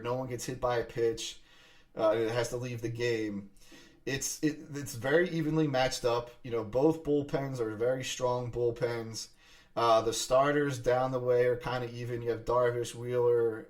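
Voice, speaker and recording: A man hosting a sports podcast, talking fast and excitedly in casual chat, often restarting his sentences. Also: mid-range voice, distant mic. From Philadelphia area. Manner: fast, excited talk with frequent restarts and fillers.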